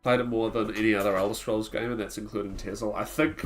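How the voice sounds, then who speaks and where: Casual male streamer, lowish voice, rambling and filler-heavy, faint music behind. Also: fairly even intonation, fast talker. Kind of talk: casual live-stream chat while playing.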